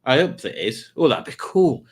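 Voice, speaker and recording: A man's voice: medium pitch, very animated, moderate pace. Rambling, wry male live-stream host. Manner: rambling, wry asides with frequent fillers. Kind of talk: casual live-stream chat reading viewer comments.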